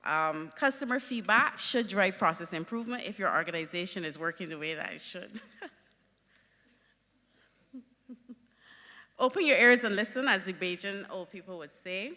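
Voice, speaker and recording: A woman speaks at a conference, telling her stories with lively emphasis. Her voice is bright and forceful, and it rings with the long reverb of a big hall. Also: fairly low pitch, moderate pace. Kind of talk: conference talk.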